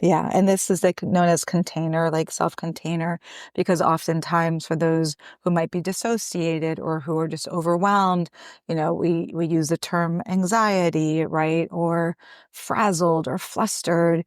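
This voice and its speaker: A woman guest who teaches somatic healing, speaking gently and affirmingly with many casual fillers. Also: lowish voice, flat delivery, moderate pace, dry recording, clean studio sound. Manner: gentle, affirming, lots of "like" and "you know". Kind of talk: interview conversation.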